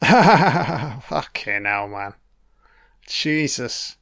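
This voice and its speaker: A man's voice: medium pitch, very animated, very slow, fairly bright tone. A young man giving casual, wry film commentary, swearing freely as he reacts to the scenes. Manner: profane, wry running remarks.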